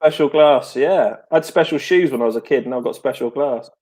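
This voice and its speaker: A man in his thirties co-hosting a live show, relaxed and self-mocking with lots of hesitant fillers. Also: medium pitch, brisk. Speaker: co-host. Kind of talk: casual live show chat.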